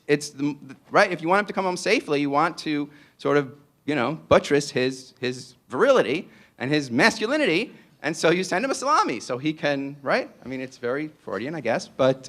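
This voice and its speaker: A man's voice: fairly high pitch, animated, fairly quick, a bit bright. A man from New York with a New York accent gives a public lecture in a playful, digressive way and often asks "right?".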